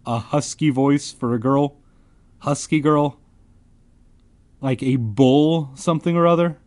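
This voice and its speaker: A man reading a kids' book aloud, breaking off for deadpan, sarcastic comedic asides. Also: a little high, slow pace. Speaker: comedic audiobook reader.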